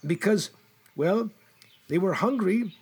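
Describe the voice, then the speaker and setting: A man's voice: high-pitched, expressive, takes it slowly, a little mellow, husky. A man performing a comedic gardener, who mutters to himself anxiously and talks fondly to his plants. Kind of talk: comedy sketch monologue.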